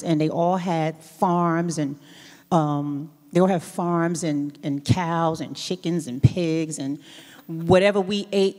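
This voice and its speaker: Woman, New York, honoree onstage, lowish voice, animated storyteller, theater reverb. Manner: animated storytelling with laughs and restarts. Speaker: award honoree guest. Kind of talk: onstage interview conversation. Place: large theater stage. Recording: long hall reverb.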